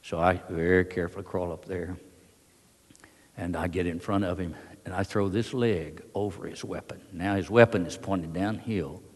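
An older man from Alabama, telling a war story to an audience in a folksy, halting way full of fillers. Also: deep voice, fairly even intonation, darkish tone. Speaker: veteran speaker. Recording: long reverb of a large hall.

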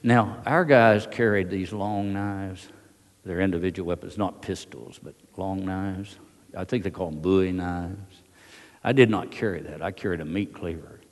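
An older man from Alabama, telling a war story to an audience in a folksy, halting way full of fillers. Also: sits low, steady tone. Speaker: veteran speaker. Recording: long reverb of a large hall.

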